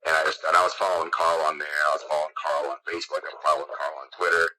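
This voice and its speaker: Fast-talking low-voiced man, husky. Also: low-quality recording. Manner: excited storyteller, many fillers. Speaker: podcast guest, artist. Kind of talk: casual interview chat.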